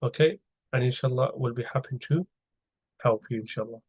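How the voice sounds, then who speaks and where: Male teacher, mid-pitched, patient slide-by-slide explainer; slightly dull recording. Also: a little fast, breathy edge. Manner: patient, explains step by step with questions to students. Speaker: Arabic grammar teacher. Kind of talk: online lecture over slides.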